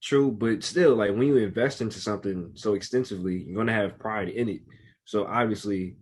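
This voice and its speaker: A man's voice: fairly low pitch, a little fast, darkish tone, breathy edge. A man co-hosting a casual podcast, talking in an earnest, emphatic way. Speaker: podcast co-host. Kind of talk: casual chat.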